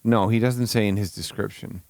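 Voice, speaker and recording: A man's voice: lowish voice, fairly even intonation, normal speed, gravelly, darkish tone, no room sound. A man streaming live, reacting to a video with incredulous, stammering, profane commentary. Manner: incredulous, swearing, stammering with bursts of laughter.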